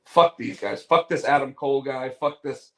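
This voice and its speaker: A man's voice: mid-range voice, normal speed, fairly bright tone, natural voice. A man mimicking a frustrated male pro wrestler who rises to exasperated yelps. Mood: bitter. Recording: echoey room.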